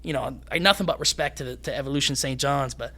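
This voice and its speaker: A young man who is a fighter, a guest on a podcast, telling stories in casual chat in an animated, rambling way. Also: medium pitch, quick pace.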